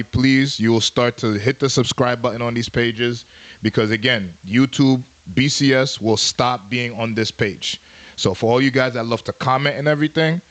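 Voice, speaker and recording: Man, faith podcast co-host, playful, repeats himself, casual chat. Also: medium pitch.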